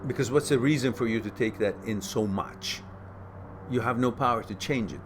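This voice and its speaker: Guy answering viewer questions live, animated, repeats himself, faint noise behind. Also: normal speed. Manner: animated, repeats words, rises in pitch to stress points. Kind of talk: casual spoken advice talk.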